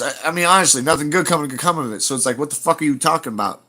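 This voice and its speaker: A man's voice: fairly high pitch, racing, sharp tone. Blunt, profane man chatting on a livestream. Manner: profane, blunt, rambling storytelling. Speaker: livestream host. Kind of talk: casual livestream chat to viewers.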